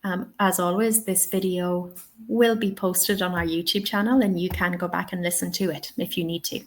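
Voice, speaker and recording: A woman's voice: on the low side, fairly even intonation, moderate pace. A woman with an Irish accent hosting an online lesson, patiently explaining and modelling each vowel sound. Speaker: English teaching webinar host. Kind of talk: online lesson, live webinar.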